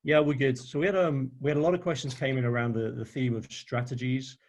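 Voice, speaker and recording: A man hosting a webinar over a video call, relaxed and friendly, reading viewer comments and asking interview questions. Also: mid-range voice, a little fast. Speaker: webinar host.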